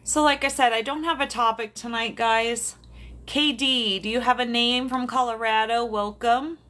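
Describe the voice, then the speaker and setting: Speaking at a moderate pace with a slightly high, bright, pushed voice and fairly even intonation, a South Dakota medium chats casually with her livestream viewers. She laughs often while broadcasting from her bedroom at home, using a phone or camera on a tripod.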